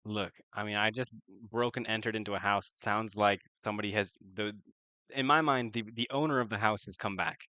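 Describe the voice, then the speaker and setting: A man's voice: on the low side, fairly quick, pushed and bright, clear, resonant tone, dry recording, highs cut off. A man playing a tabletop game, chatting casually, thinking aloud and laughing easily. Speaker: player. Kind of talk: casual tabletop role-play chat.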